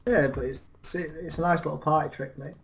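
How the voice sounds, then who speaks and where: A man's voice: a little high, fairly even intonation, a little fast. A young English man chatting over a game, telling stories in a laddish, boastful, swearing way. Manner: laddish, boastful storytelling with laughs. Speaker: co-host. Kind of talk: casual chat over gameplay.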